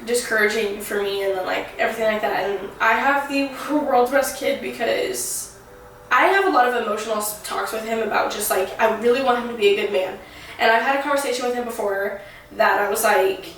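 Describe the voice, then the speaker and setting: A young woman in her twenties chats openly, her voice sitting a bit high and running on with fillers. She sounds set back from the mic in a very echoey room, with a faint hum behind her. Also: normal speed, far from the mic. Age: 20s. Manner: candid, rambling with frequent "like" fillers. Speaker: vlogger. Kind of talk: casual chat while getting ready.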